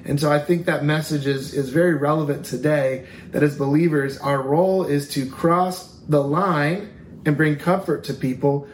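A man's voice: fairly high pitch, fairly even intonation, normal speed. A man co-hosting a faith talk show, speaking in an earnest, emphatic, preaching style. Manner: earnest, emphatic, rising in intensity. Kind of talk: preaching-style casual chat. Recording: echoey room with faint noise.

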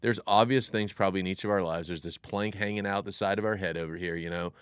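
A pastor with a very low voice talks through scripture in a lively, storytelling manner. The sound is close and dry, with no room around it. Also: male voice, quick pace, smooth, dry recording. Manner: animated storyteller, acts out voices. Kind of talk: casual Bible discussion.

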